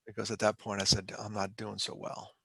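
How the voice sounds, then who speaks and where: Middle-aged guy, gravelly voice, dry close sound, talking openly and emotionally on a podcast. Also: fairly low pitch, monotone, brisk, fairly bright tone, no room sound. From Pennsylvania. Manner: conversational, emotional, self-deprecating. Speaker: podcast guest, mental health speaker. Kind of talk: candid interview storytelling.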